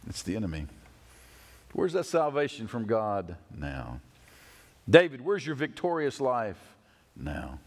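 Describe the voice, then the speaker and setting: Animated preacher in an echoing hall. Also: male voice, unhurried, long pauses. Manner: dramatic, voices quoted figures with pitch swings. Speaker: pastor. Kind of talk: sermon. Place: church sanctuary.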